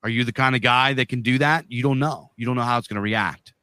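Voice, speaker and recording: A man's voice: mid-range voice, quick pace, sharp tone, smooth, no echo. A man co-hosting a podcast, telling a long story in a loose, profane, rambling way. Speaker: podcast co-host.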